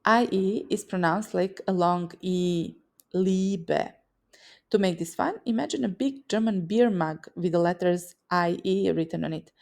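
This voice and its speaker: Woman language teacher, strong vocal fry, gravelly, scripted lesson, lively picture-based explanations. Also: on the low side, measured pace. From Serbian-speaking region. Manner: lively, explains sounds with vivid mental images.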